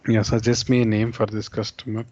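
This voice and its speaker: Man, low and level, screen-share software tutor, explains patiently with restarts; muffled call audio. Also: little pitch movement, fairly quick. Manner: explanatory, repeats terms, fillers and restarts. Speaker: software instructor.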